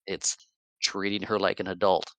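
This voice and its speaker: A man co-hosting a podcast, chatting about a film with stammering restarts and quick agreement. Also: low-pitched, flat delivery, a bit bright, no room sound. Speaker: podcast co-host. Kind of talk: casual movie review chat.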